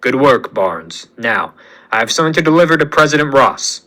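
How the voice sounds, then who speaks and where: A man's voice: mid-range voice, very animated, moderate pace, bright, forceful tone, pitched below the performer's own voice. A man voicing a stern, regal male king who speaks in curt commands. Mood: grim.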